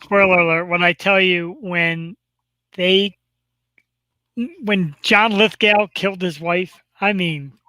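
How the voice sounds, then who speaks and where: A man co-hosts a live talk show, joking around in quick excitable bursts. His voice is bright and forceful, recorded close and dry with no room sound. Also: sits high, clean tone, no room sound, low-quality recording. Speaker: co-host. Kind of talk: casual chat.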